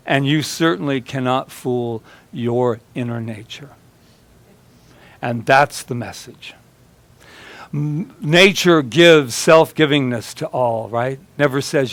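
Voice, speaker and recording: A man's voice: on the high side, fairly bright tone. A male minister giving a chatty sermon, telling stories and acting out quoted voices with humor. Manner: storytelling, acts out quoted voices; chatty, laughs with congregation.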